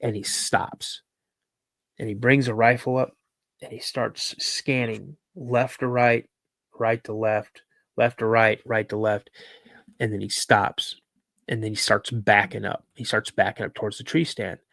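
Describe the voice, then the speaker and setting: A man on a podcast as a guest, recounting a personal encounter as a lively storyteller who repeats words for emphasis. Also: on the low side, unhurried, vocal fry, dry recording, studio quality.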